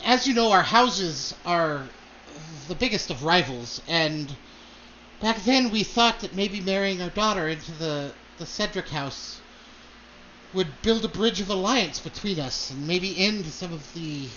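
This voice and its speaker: A man's voice: high voice, expressive, unhurried, sharp tone, dull audio, slight background noise, full character voice. Man playing a haughty noble mother. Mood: bitter. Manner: gossipy, gracious, complaining about her daughter.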